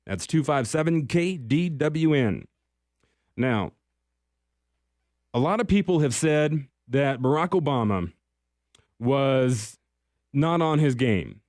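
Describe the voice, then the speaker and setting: A man's voice: medium pitch, expressive, slow pace, long pauses, a little mellow, dry recording, clean studio sound. A man hosting a political talk radio show, speaking in a conversational, emphatic way with occasional restarts.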